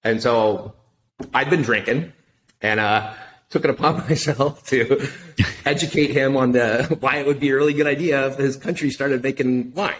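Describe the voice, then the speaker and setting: A middle-aged man telling a story casually in an interview, animated and profane, acting out the dialogue. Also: mid-range voice, moderate pace, slight background noise. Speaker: podcast guest, wine consultant.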